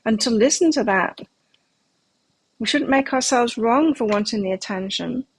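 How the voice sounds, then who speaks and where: A woman's voice: on the high side, moderate pace, breathy edge, dry recording. A middle-aged woman giving a live tarot reading, talking candidly and reflectively and sharing personal stories. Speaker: tarot reader.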